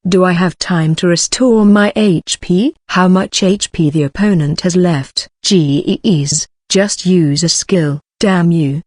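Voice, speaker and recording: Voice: medium pitch, a little mellow, no room sound. Synthetic audiobook narrator, dry sound.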